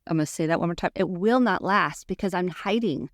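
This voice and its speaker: A woman's voice: fairly low pitch, brisk, no room sound, clean studio sound. A woman therapist hosting a podcast, teaching communication skills in an earnest, coaching monologue and acting out sample phrases.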